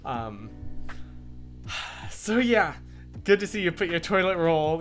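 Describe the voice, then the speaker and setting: A man's voice: on the high side, very animated, takes it slowly, pauses often, fairly bright tone, soft background music. A young man hosting a casual live stream from his room, reading viewer comments and rambling with lots of restarts. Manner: rambling and chatty, full of restarts and fillers. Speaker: livestream host. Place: home room with a whiteboard.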